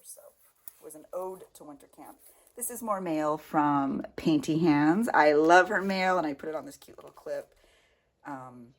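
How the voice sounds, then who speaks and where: A middle-aged woman chatting through her handmade journal, gushing over pages and drifting into soft murmured asides, with uneven volume. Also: low-pitched, breathy edge. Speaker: craft vlogger. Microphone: home setup, volume uneven.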